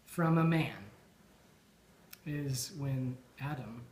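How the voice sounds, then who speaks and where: A man's voice: mid-range voice, drawn-out words, a little mellow, slight background noise. A man giving an informal after-dinner toast, thoughtful and full of ums and restarts. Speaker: toast speaker at a Burns supper. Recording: echoey dining hall.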